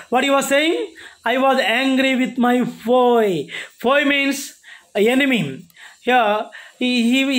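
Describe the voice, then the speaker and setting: A male college lecturer, explaining a poem to his class in a halting, repetitive way and asking himself questions before answering them. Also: very high voice, fairly bright tone. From India. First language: Telugu.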